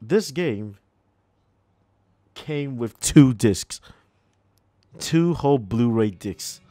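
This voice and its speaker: A man's voice: mid-range voice, lively intonation, extremely slow, warm tone, dry recording. A man hosting a video game playthrough, chatting sarcastically and reacting aloud as he plays. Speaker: gaming channel host. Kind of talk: let's play commentary.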